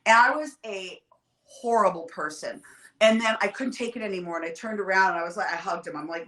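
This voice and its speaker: A woman telling stories in a casual, profane, animated way, as a guest on a livestream call. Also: on the high side, reverberant, low-quality recording. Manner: profane, animated, quick storytelling. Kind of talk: casual storytelling chat. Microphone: livestream video call.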